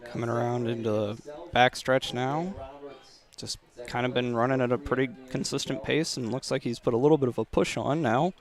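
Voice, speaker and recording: Gravelly guy doing color commentary outside at a track meet, kinda casual, lots of uh. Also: medium pitch, fairly even intonation, a little fast. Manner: casual, hesitant with fillers. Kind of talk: sports commentary. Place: outdoor stadium.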